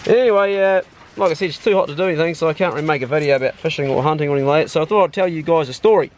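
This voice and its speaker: A man's voice: fairly high pitch, rapid-fire. A man with a New Zealand accent chatting casually in a rambling, laid-back way on his outdoor vlog. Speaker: vlogger storyteller. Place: outdoors on a hot day with dogs.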